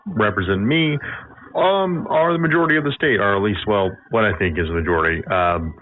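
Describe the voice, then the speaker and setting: A man from Georgia calling in with a measured, slightly hesitant comment. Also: lowish voice. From Georgia, USA. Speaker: caller. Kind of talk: call-in comment. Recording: phone line with faint noise.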